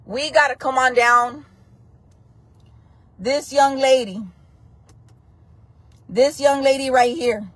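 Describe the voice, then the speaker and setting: Sassy high-voiced woman live-streaming. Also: fairly even intonation, takes it slowly, pauses often, a bit bright, no room sound. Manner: sassy, blunt, calls viewers "friends" and "baby". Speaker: host of a local gossip news live stream. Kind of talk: casual live-stream chat.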